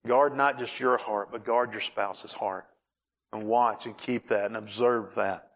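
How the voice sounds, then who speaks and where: Animated male pastor preaching. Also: lowish voice, a little slow. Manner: animated, acts out scenes and raises voice for emphasis. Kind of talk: sermon.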